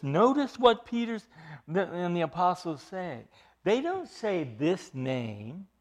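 A male preacher giving a sermon, emphatic, building up to loud stressed phrases and dropping to quiet asides. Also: sits high, big pitch swings, takes it slowly.

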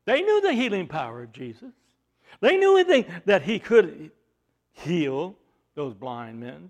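A man with a high voice preaches a sermon, asking rhetorical questions and swinging between loud emphasis and hushed asides.

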